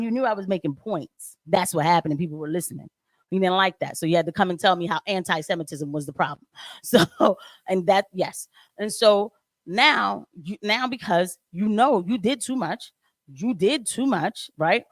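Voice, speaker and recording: A woman's voice: medium pitch, no echo. A woman vlogger telling a story in a casual rant, laughing often and acting out what people said. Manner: animated retelling that acts out quoted voices, laughing often.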